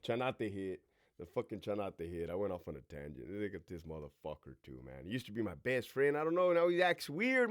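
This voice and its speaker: A man's voice: fairly low pitch, very animated, brisk. A man in his forties, a former prison officer, hosting a casual, profane storytime monologue with sound effects and asides to himself. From California.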